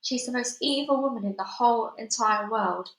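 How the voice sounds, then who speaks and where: A woman voicing a calm, loving elderly grandmother, heard in an echoey room. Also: fairly high pitch, normal speed, gravelly. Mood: affectionate. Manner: warm, calm. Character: loving, cool-headed old grandmother.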